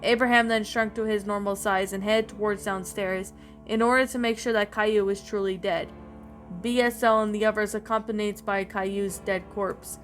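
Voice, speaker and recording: Faint music sits under a woman narrating a creepypasta-like story in a steady tone at a moderate pace. Her medium-pitched reading often falters, and she keeps restarting lines.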